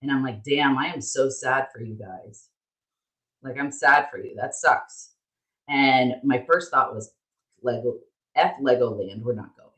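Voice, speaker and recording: A woman co-hosting a podcast, telling a story in an animated, candid way and swearing freely. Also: rumbling low, measured pace. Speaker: podcast co-host. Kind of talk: casual storytelling chat. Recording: roomy echo.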